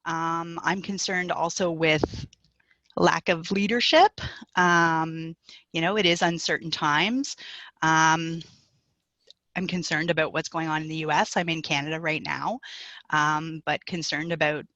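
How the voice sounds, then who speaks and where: A woman's voice: low voice, fairly even intonation, a little slow, a bit bright, no room sound, highs cut off. A woman talking earnestly about her stress through a headset on a video call. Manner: earnest, speaks of feelings. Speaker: customer service worker. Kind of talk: casual chat on a video call.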